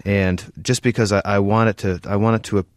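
Low-voiced man reading and answering. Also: flat delivery, dry recording, studio quality. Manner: halting, many restarts and fillers. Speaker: author guest reading his novel. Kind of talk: interview answers and book reading.

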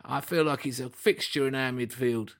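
Man, football fan, bright excitable chatter. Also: mid-range voice, moderate pace. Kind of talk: casual chat.

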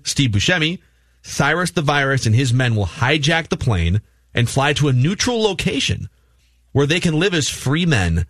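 A man recaps a film plot for his co-hosts with a joking edge. His pitch rises and falls a lot as he talks. The recording is close and dry. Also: fairly bright tone, dry recording. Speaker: podcast co-host. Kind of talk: movie podcast chat.

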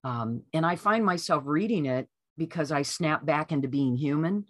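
A woman being interviewed as an author, telling a personal story in a lively way and acting out what people said. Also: low-pitched, normal speed, dry recording, clean studio sound. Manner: lively storyteller who acts out quoted voices. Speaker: author guest.

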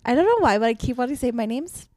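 A bubbly, chatty young woman from Utah who co-hosts a podcast and laughs often. Her voice sits a little high and sounds close and dry, with no room around it. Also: very animated, very fast, darkish tone, no room sound. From Utah, USA. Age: 20s. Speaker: podcast co-host. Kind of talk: casual chat.

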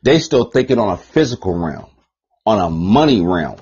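Man, profane rambling rant, husky, dull lo-fi recording. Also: fairly low pitch, sing-song, normal speed. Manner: profane, rambling, repeats phrases, swings between loud and muttered. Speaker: podcast host. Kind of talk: ranting monologue.

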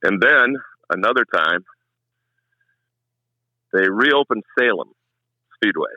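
A man's voice: fairly low pitch, takes it slowly, no echo, muffled recording. A middle-aged man, a longtime race track announcer, telling stories in a casual chat and acting out what people said. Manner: animated storyteller, acts out quotes.

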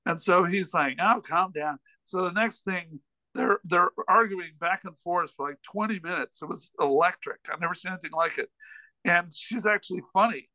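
A man's voice: high voice, normal speed, bright, forceful tone, no room sound, poor audio. A man, a comedian and author, telling a long anecdote as a podcast guest, rambling with frequent restarts and self-deprecating asides. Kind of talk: casual storytelling in a chat.

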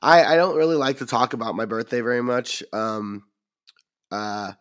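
A man co-hosting a film podcast, his voice a bit raspy and tired from a cold, rambling with lots of ums and restarts. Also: mid-range voice, animated, moderate pace, a bit bright. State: recovering from a cold. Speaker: podcast co-host. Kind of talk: casual chat.

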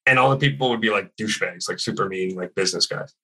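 A man's voice: lowish voice, fast, sharp tone, breathy edge, rough recording. A man in casual chat telling a long story, rambling with many fillers and swearing freely. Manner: rambling, heavy on "like", swears a lot.

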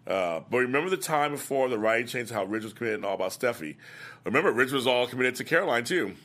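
Man, older, bright tone, casual chat host, animated, laughs often. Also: medium pitch, quick pace. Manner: chatty, animated, laughs often, acts out lines. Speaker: host of a soap opera after-show. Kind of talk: casual recap chat reading viewer comments.

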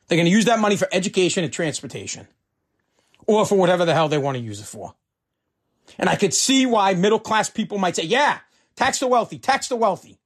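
A man's voice: sits high, husky. A man delivering a heated, profane political rant, fired up and repeating himself.

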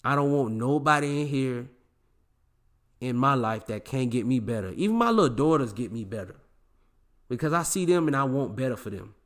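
A man's voice: mid-range voice, lively intonation, normal speed. A man in his forties hosting a podcast, giving emphatic, preachy life advice in casual slang and repeating lines for effect. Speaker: podcast host. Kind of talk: motivational casual podcast talk.

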